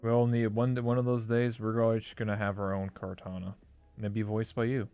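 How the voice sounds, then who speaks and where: A man's voice: on the low side, little pitch movement, brisk, dark tone, clear, resonant tone, dry recording, highs cut off, faint music behind. A man hosting an interview in casual, playful, jokey chat over an online voice call. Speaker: host.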